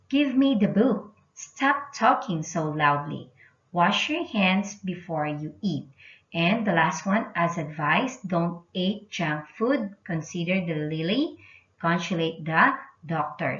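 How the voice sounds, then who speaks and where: Woman teacher, slow and patient, somewhat low voice, dull echoey room sound. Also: fairly bright tone. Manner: explains patiently, repeats key points. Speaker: English teacher. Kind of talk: classroom grammar lesson. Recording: dull roomy recording.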